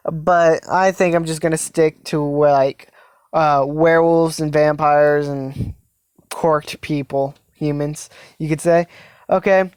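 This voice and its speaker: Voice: mid-range voice, clear, resonant tone, dry recording, clean studio sound. Rambling casual fan storyteller. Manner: rambling, hesitant, many fillers and restarts.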